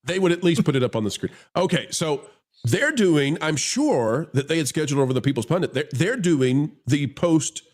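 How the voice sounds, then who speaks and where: A man hosting a casual live stream, his voice a little high and swinging widely in pitch. He is animated and laughs often, addressing viewers as folks. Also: normal speed. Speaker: show host.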